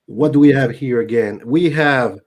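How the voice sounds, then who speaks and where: A man's voice: mid-range voice, moderate pace, a little mellow. A man with a French accent, a native French speaker, hosting a live stream in a casual way and reading viewer comments aloud. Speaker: host.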